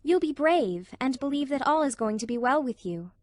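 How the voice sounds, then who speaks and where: Woman voicing a gentle comforting young woman. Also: high voice, animated, normal speed, no room sound, clean studio sound, pitched above the performer's own voice. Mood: tender. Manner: hesitant, tender. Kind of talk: audiobook character reading.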